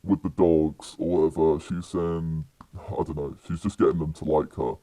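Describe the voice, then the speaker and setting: A young man with a British accent and an extremely deep voice tells a story on a podcast. His tone is dark and mellow, and his telling rambles along with many fillers and restarts. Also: fairly even intonation, normal speed, no room sound. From United Kingdom. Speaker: podcast guest. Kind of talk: casual storytelling.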